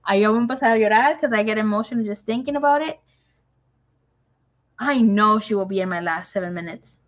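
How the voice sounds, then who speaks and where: A woman's voice: mid-range voice, a little fast. A young woman giving a casual tarot reading, chatty and swearing freely, with Spanish phrases dropped into her talk. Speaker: tarot reader.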